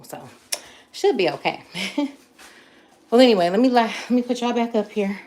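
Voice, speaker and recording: A woman's voice: on the high side, expressive, moderate pace, pauses often, darkish tone. A woman chatting casually to her viewers as she cooks in a home kitchen, talking straight to them as y'all. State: out of breath. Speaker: vlogger. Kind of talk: casual cook-with-me chat to viewers. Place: home kitchen, running water and frying. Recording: echoey kitchen with faint background noise.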